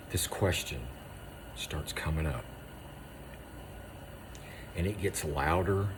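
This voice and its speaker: A man, an Army veteran, gives a raw spoken monologue, hammering short phrases with intensity and often dropping to a hushed voice. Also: low voice, noisy background. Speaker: Army veteran speaking on moral injury.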